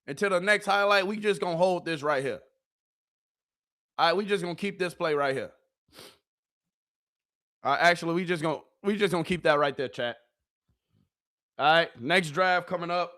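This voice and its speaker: Laughing frequently and never letting up on talking to his chat, a male host streams a football watch party with enthusiastic fan commentary. His voice sits high.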